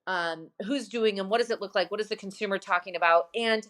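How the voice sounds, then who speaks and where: This glamping site owner from Michigan talks a little fast in a mid-range, fairly bright voice. She's a guest in a casual interview, telling stories with lots of restarts.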